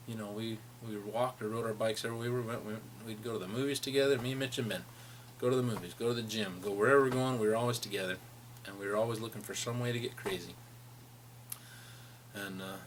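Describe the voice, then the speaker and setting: A man's voice: fairly low pitch, a little hiss or hum. A middle-aged man telling rambling personal stories about a friend, laughing as he reminisces. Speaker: friend sharing memories. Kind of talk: personal storytelling.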